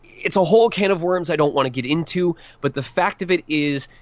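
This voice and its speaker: A man's voice: a little high, brisk, no room sound, dull audio. A man voice actor giving advice in a podcast interview, earnest and emphatic, restarting his sentences often. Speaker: voice actor guest.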